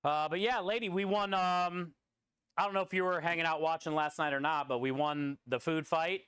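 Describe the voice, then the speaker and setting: Guy streaming his food truck prep, bright smooth voice, kinda high, rambling on while he cooks. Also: steady tone, moderate pace, no echo. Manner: rambling, talks through prep and reads chat. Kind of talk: casual live-stream chat while cooking.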